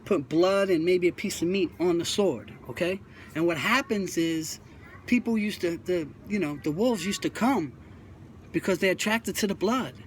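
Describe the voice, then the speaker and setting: A man's voice: high-pitched, moderate pace, slight background noise. A man, hosting his own channel and giving earnest, repetitive advice to young viewers in a casual monologue, often stumbling and restarting. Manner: preachy, repeats himself, stumbles and restarts often. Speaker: YouTube host talking about prison life.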